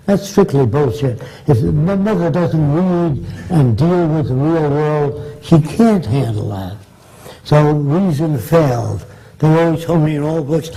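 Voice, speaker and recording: A man's voice: a little high, animated, unhurried, dark tone, rough recording. An older man answering audience questions with long, blunt, rambling anecdotes, acting out the people he quotes. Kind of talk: anecdotal storytelling in a Q&A.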